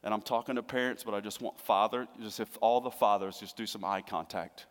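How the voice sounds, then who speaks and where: A middle-aged man preaching a sermon as pastor, earnest, moving between hushed tender lines and emphatic raised passages. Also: fairly low pitch, steady tone, fairly quick. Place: church sanctuary. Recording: long hall reverb.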